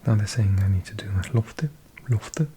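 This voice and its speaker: A man's voice: lowish voice, little pitch movement, very fast, dark tone, a little hiss or hum. A man hosting his channel in a whispered ASMR style, musing to himself and repeating practice words aloud. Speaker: channel host.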